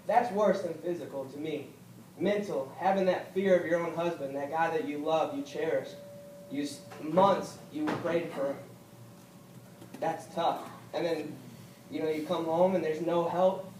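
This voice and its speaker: A young man giving a halting, earnest personal speech as a veteran at a political event, repeating himself and rising when upset. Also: a little high, darkish tone. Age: young adult. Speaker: veteran speaker. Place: event hall. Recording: echoey hall from far off, faint noise.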